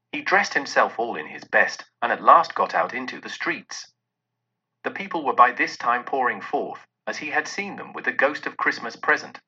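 A man narrates a classic story with an expressive, animated delivery. His voice is husky and bright, and his pitch moves a lot. The recording is dull and lo-fi. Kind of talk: storybook reading aloud.

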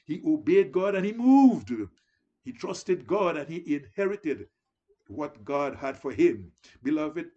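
A male preacher with a husky voice, set high for a man, delivers an earnest sermon. His pitch swings widely as he exhorts his listeners and builds to emphatic declarations. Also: mellow, dull audio. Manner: earnest, exhorting, repeats "beloved".

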